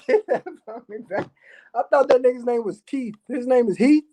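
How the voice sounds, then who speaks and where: Male livestream host, low and mellow, rambling and profane. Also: normal speed. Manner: profane, rambling, laughing asides. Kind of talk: casual rambling livestream talk.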